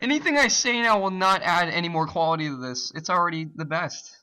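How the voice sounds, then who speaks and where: A man's voice: high voice, brisk, bright, forceful tone, smooth. A man co-hosting a podcast in playful casual chat, laughing often. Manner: giggly, playful. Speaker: podcast co-host.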